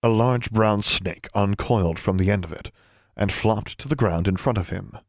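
Male audiobook narrator, lower voice, measured storytelling. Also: vocal fry, dry recording, clean studio sound.

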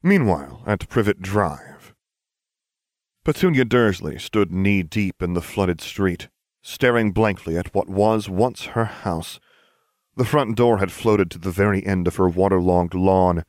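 A man reading a fan fiction story aloud as narrator in a dry, even-toned way, switching into lively character voices. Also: low voice, unhurried, no room sound.

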